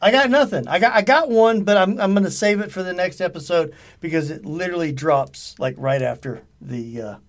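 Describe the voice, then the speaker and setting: A man's voice: high-pitched, brisk, few pauses. A man co-hosting a podcast in casual, joking chat, often cutting in. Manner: lively, joking, interrupts. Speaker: podcast co-host.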